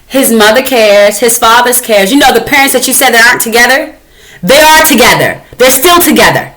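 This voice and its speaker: A woman's voice: a little high, expressive, a little fast, a bit bright, low-quality recording. A woman hosting a reaction commentary, talking in an angry, confrontational and profane way. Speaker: commentary host.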